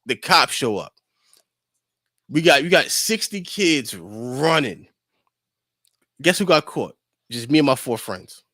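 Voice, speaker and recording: A man from New York telling stories in casual podcast chat, animated and full of fillers, acting out the voices of people he quotes. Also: medium pitch, measured pace, long pauses, dry recording, clean studio sound. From New Rochelle, New York.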